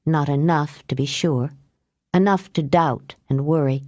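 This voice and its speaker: A woman voicing a wise, calm witch who speaks quietly and measured. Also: low voice, no room sound, clean studio sound, pitched below the performer's own voice.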